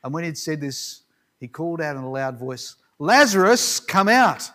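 A man's voice: medium pitch, fairly even intonation, fairly quick. A man giving a sermon, retelling a Bible story in a conversational, reflective way with occasional restarts. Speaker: preacher.

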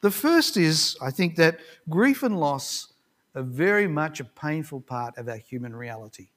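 Guy giving a sermon, kinda higher voice, chatty and thoughtful, restarts now and then. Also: big pitch swings, measured pace, a bit bright. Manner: conversational, reflective, with occasional restarts. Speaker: preacher.

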